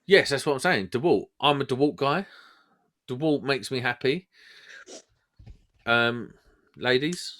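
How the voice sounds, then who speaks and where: A man's voice: mid-range voice, expressive, measured pace, long pauses, fairly bright tone. A man hosting a podcast, telling stories in casual, laddish banter. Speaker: podcast host. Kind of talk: casual storytelling chat.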